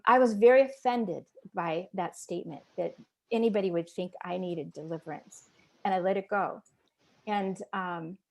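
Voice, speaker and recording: A woman speaking as a guest in an interview, sharing her own story with earnest feeling. Her voice sits at an ordinary middle pitch as she talks. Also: creaky. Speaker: podcast guest. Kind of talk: personal testimony in an interview.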